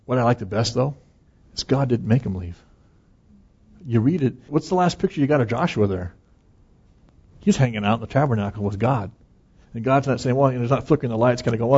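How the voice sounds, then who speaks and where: Pastor, man, husky tone; earnest conversational preaching with light chuckles, muffled low-fi sound. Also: brisk, long pauses, warm tone. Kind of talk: conversational sermon.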